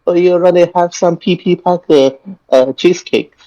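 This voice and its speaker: A man's voice: sits high, fairly even intonation, moderate pace, warm tone, dry recording, voice pushed up, lightly acted. A man voicing an old woman who runs a cafe, chatty and fussing over a customer. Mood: welcoming. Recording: dull lo-fi mic.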